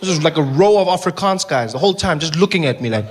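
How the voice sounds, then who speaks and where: A man performing a stand-up comedy set, telling stories in an animated way with stammered restarts. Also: fairly high pitch, fast, very noisy. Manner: animated storytelling, stammering restarts, acting out voices.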